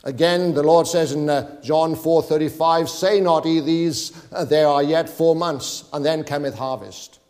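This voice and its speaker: Man, preacher, sermon, exhorting, scripture reading, slightly high voice, long reverb. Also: steady tone, unhurried, hardly any pauses, darkish tone. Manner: reads scripture in King James wording, exhorting and pleading.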